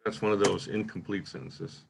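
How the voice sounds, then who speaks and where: A man hosting a poetry workshop, giving a relaxed, informal lecture and reading the same example line aloud in different ways. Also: on the low side, normal speed, creaky, noisy background. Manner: relaxed, thinking aloud with frequent "uh" and "right?".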